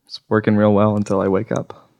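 A man's voice: lowish voice, little pitch movement, a little fast, creaky, darkish tone, lo-fi sound. A man hosting a comedy podcast, joking and laughing through bits. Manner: goofy, laughing, joke-telling. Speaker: podcast host.

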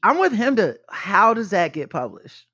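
Man, casual chat, somewhat high voice, storytelling, dry close recording. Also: moderate pace, slightly rough, no echo. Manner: animated storytelling, retelling news with acted quotes. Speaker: podcast co-host.

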